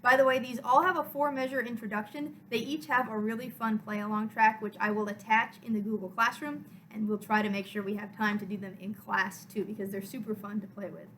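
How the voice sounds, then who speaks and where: A woman orchestra teacher explaining music step by step in a clear, encouraging way for a recorded lesson. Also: mid-range voice, steady tone, brisk, hardly any pauses, a bit bright, slight background noise, low-quality recording.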